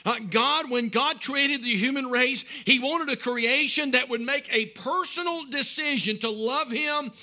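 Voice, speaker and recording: A pastor delivers a sermon in a strikingly high, sharp, piercing voice, riding a rhythmic sing-song cadence that swells into shouts and then drops into chuckling, folksy asides to his congregation. His pace is measured, with hardly any pauses.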